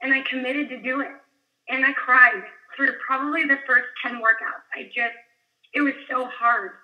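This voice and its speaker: A woman's voice: high-pitched, steady tone, moderate pace, sharp tone. A woman in her thirties, a guest coach, telling her story in a candid, rambling way with a scratchy, strained voice. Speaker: guest speaker, fitness coach. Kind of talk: casual personal story on a call. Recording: tinny phone line.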